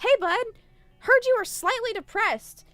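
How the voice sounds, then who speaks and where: A woman's voice: extremely high pitch, measured pace, fairly bright tone, no echo, faint music behind, pitched above the performer's own voice. A woman putting on a chummy, overly friendly Canadian man at the door, breezy and jokey.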